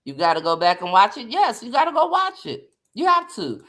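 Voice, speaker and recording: A woman hosting a casual live chat, animated and slangy, greeting viewers by name as she talks. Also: a little high, brisk. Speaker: livestream host.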